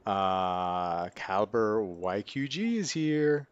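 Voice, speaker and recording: A man's voice: lowish voice, lively intonation, takes it slowly, very noisy. Upbeat male host, muffled stream audio. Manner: upbeat, laughs often, rattles off greetings to chat viewers. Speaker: livestream host. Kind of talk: casual live-stream chat.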